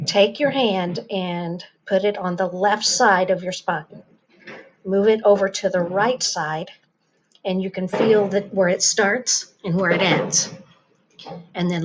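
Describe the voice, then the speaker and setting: A woman teacher narrates a grammar lesson from her home, speaking slowly and patiently. Her pitch sits in a middle range, and she pauses with fillers while she explains each step. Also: a little hiss or hum, rough recording. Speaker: Spanish teacher.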